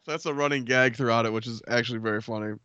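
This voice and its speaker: A man's voice: mid-range voice, fairly even intonation, fast, pushed and bright, smooth, no echo, muffled recording. A man co-hosting a podcast, recapping a sitcom episode in casual chat. He laughs often, swears freely, and acts out quoted lines. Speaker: podcast co-host.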